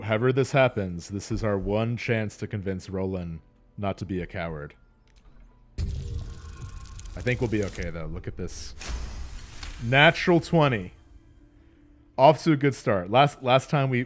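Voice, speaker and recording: A man hosting a let's play, chatting casually and laughing often with self-deprecating asides. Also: on the low side. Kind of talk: casual gameplay commentary.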